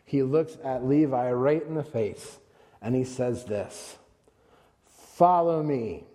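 Heard with a long reverb tail, this pastor has a medium-pitched, dark-toned voice and speaks a little slowly. His sermon is conversational, retelling scenes in story form with the quotes acted out.

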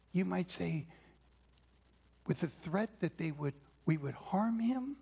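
A man's voice: high voice, unhurried, vocal fry, mellow, breathy edge. A man preaching a sermon, telling stories and dropping to a whisper for emphasis. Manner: dramatic, drops to a whisper for emphasis. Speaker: pastor.

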